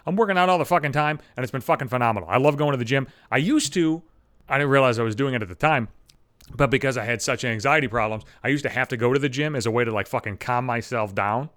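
A man in his thirties hosting a solo podcast, ranting with constant swearing in an animated, irritated way. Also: medium pitch, fast, no echo, studio quality. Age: 30s. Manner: foul-mouthed, animated ranting. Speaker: podcast host. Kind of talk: profane solo podcast rant.

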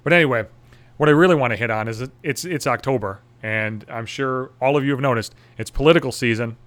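A man's voice: medium pitch, fast, a bit bright. A man who works in radio, delivering a profane, sarcastic, angry rant to the camera. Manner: angry, swearing constantly, sarcastic. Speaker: radio station worker. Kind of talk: profane ranting monologue.

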